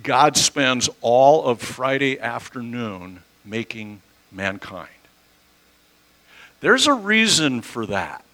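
A man's voice: mid-range voice, sing-song, takes it slowly, pushed and bright, low-quality recording. A man preaching a conversational teaching sermon, using homely examples and correcting himself as he goes.

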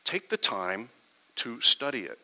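A man's voice: mid-range voice, sing-song, a little slow, bright, forceful tone, rough recording. A middle-aged pastor giving a conversational sermon, acting out quoted exchanges with his congregation.

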